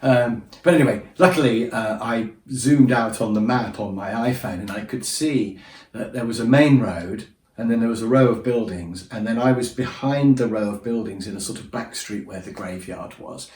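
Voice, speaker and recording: A man's voice: on the low side, normal speed. Chatty man telling travel stories. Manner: chatty, self-deprecating, lively when acting out moments. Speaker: storyteller. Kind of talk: casual anecdote telling. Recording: echoey room, voice from a distance.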